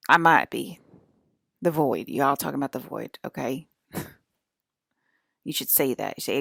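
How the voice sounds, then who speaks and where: Brief: woman in her 40s, stream host, very gravelly and low, close dry sound, angry profane rambling. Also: expressive, a little slow, long pauses, a bit bright, dry recording. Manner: rambling with frequent restarts. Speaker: livestream channel host. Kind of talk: rambling spiritual livestream monologue.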